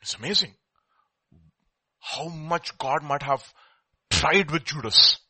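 A man preaching with a bright, forceful edge and a slightly raised pitch. He swings from hushed asides to loud emphatic questions and acts out the people in his stories. The sound is dry and close. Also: takes it slowly, husky, no echo. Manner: animated preaching, acts out quoted dialogue, swings from quiet to loud. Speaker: pastor. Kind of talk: sermon.

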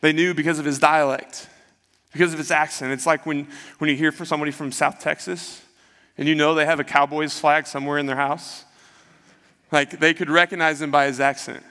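A man's voice: a little high, fairly even intonation, normal speed, bright, forceful tone. A man preaching a sermon, retelling the story in a conversational way and acting out the quotes. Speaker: pastor. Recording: long hall reverb.

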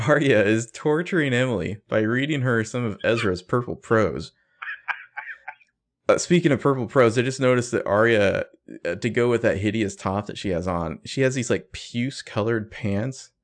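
A man's voice: medium pitch, normal speed. A man co-hosting a podcast, casually recapping a TV episode and acting out the characters' lines as he goes. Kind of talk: casual chat.

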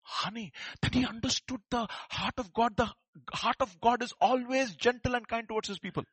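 A man preaching a sermon, swinging between loud emphatic calls and quiet asides and prompting the congregation to respond. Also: extremely high pitch, normal speed, breathy edge, no echo, rough recording. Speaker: pastor. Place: church service.

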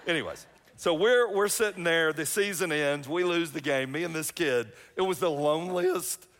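A man's voice: a little high, normal speed, a bit bright. A middle-aged man, preaching a sermon as pastor in a chatty, self-mocking storytelling way. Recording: long reverb of a church hall.

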